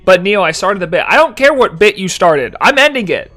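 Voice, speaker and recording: A man's voice: high-pitched, expressive, fairly quick, a bit bright, faint music behind. A young man chatting casually on a live stream, reading chat aloud and answering in mock annoyance, laughing between lines.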